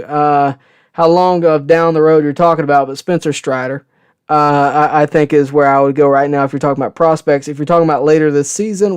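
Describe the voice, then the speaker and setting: A man on a live sports stream, talking loosely and rambling as he answers viewer questions, dropping fillers like "uh" and "okay?" along the way. His voice sits a little high for a man and comes through smooth and clean. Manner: casual, rambling storyteller with frequent "uh" and "okay?". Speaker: sports show host.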